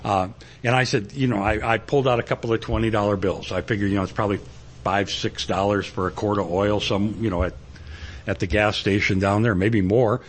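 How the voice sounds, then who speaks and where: A man's voice: on the low side, steady tone, fairly quick, a little hiss or hum. A male pastor preaching a sermon, telling a rambling, folksy personal story.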